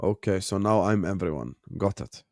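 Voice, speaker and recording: A man's voice: low voice, expressive, normal speed, a little mellow, no echo. Slightly sick Jordanian-accented man, dry sound. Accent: Jordanian Arabic. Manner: bantering with viewers, reading out chat names; switches between English and Jordanian Arabic. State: a bit sick, on cough syrup. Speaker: watchalong host. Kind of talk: casual live-stream watchalong chat.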